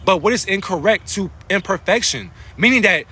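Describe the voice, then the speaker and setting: A man's voice: sits high, expressive, moderate pace, sharp tone, slightly rough. A man on a livestream giving a spiritual talk, using casual slang, asking heated rhetorical questions and often stopping to thank his viewers. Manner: passionate, preachy rhetorical questions.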